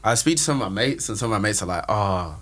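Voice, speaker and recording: Young male guest, quick talker, low-ish voice, candid and chatty. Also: lively intonation, fairly bright tone. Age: young adult. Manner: open, talkative, many "like" fillers. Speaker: podcast guest, philosophy student. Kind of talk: casual chat.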